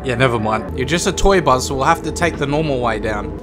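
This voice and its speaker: A man doing excited game commentary, yelling and laughing as he plays. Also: medium pitch, fairly quick. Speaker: gaming YouTuber. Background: game music.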